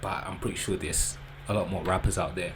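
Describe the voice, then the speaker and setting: A man's voice: sits low, steady tone, brisk. Chatty man with background noise. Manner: chatty, loose and joking, British slang. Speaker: reaction video host. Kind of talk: casual commentary.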